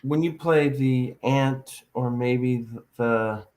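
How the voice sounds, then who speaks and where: A man's voice: mid-range voice, slow, a little mellow. A man hosting a podcast interview, rambling and hesitant with many fillers. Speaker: podcast host. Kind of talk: casual interview chat.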